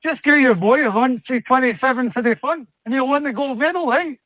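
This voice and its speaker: A man's voice: very high-pitched, brisk, fairly bright tone, dry recording, rough recording. A man doing a cocky Scottish runner. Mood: cocky boasting. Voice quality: brash trash-talking swagger. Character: cocky Scottish male runner, brash and boastful. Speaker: caller. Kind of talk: comic phone-in impression.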